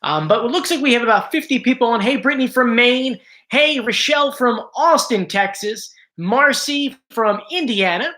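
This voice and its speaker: A man's voice: very high voice, lively intonation, moderate pace, pushed and bright. Male stream host, casual and talkative, reads out viewer names, slightly strained voice, home setup. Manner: chatty, greets viewers by name. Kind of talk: casual live-stream chat.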